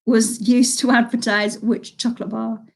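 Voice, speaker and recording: A chatty woman hosts a live online pub quiz from home, reading each question and answer twice. Her voice sits a little high, and she stops often to comment on players' scores. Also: level tone, moderate pace, creaky. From United Kingdom. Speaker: quiz host. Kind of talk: casual live quiz hosting.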